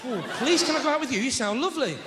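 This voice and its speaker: A man performs live stand-up in a large theatre, bantering brashly and swearing with the audience. His very high voice is expressive and racing. The roomy live recording is very noisy, with a loud crowd.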